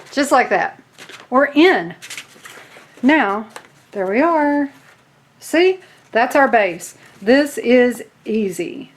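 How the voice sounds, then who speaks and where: A woman's voice: on the high side, slight background noise. A woman with a Southern US accent hosting a casual craft tutorial, chatting to viewers in a self-deprecating way while she works. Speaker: crafting video host.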